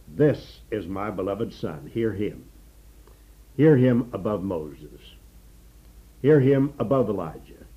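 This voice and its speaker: A man preaching an unhurried expository sermon on the radio, pausing often with fillers. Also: lowish voice, breathy edge, muffled recording.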